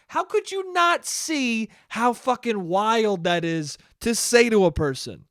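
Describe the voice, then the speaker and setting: A man's voice: sits high, lively intonation, slow pace, fairly bright tone, no room sound, clean studio sound. A man hosting a solo podcast, telling stories in a casual, profane way and laughing often. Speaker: podcast host.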